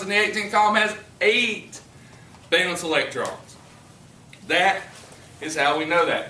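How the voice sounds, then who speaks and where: Animated high school chemistry teacher. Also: male voice, unhurried, pauses often, slight background noise. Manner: lively, joking and teasing with students. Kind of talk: classroom lecture. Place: classroom. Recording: echoey classroom from a distance.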